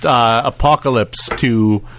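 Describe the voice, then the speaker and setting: A man co-hosting a casual cartoon review podcast, animated and giggly, acting out lines as he recaps. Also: mid-range voice, slow, a little hiss or hum. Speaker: podcast co-host.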